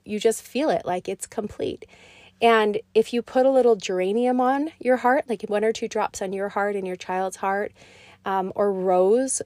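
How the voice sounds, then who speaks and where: A woman in her thirties who hosts a podcast, telling a personal story in a soft, heartfelt way with small restarts. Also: mid-range voice, dry recording, clean studio sound. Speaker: podcast host.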